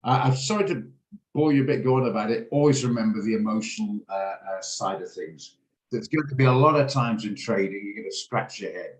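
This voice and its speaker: A man's voice: fairly low pitch, fairly quick, reverberant, rough recording. A middle-aged man hosting a trading room, talking through trades in a chatty, rambling way with many restarts. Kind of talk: casual live trading commentary. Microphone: video call.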